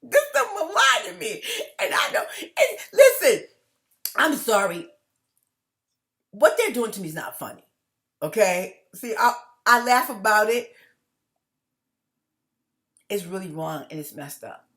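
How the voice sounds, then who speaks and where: A woman with a mid-range voice talks directly to her viewers in a casual, rambling monologue. She restarts and repeats herself and curses bluntly. She swings between loud, laughing bursts and hushed, quieter stretches. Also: medium pitch, very animated, unhurried, long pauses. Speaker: vlogger addressing viewers.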